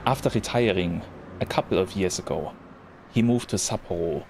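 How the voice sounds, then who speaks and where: Man doing a tired overworked guy in his late twenties, put-on thick foreign accent, lowish voice, background noise. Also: normal speed, gravelly, darkish tone. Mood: weary, reflective. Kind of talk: reading visual novel narration.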